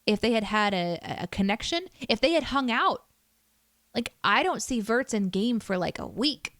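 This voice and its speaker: A woman's voice: on the high side, animated, normal speed, a bit bright, dry recording. Woman streamer, casual self-deprecating chat, dry close mic. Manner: chatty, self-deprecating, reads chat aloud.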